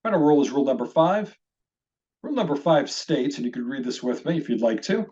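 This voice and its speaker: A man's voice: a little high, animated, quick pace, warm tone, dull audio. A man teaching a recorded language lesson, explaining step by step in a patient, methodical way and asking listeners to repeat after him. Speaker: Hebrew teacher.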